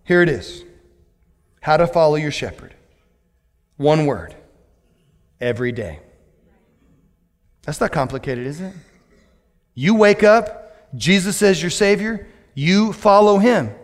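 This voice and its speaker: A man preaching a lively, joking sermon as a pastor to his church, with sudden loud outbursts. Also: high-pitched, measured pace, long pauses. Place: church sanctuary. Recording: long hall reverb.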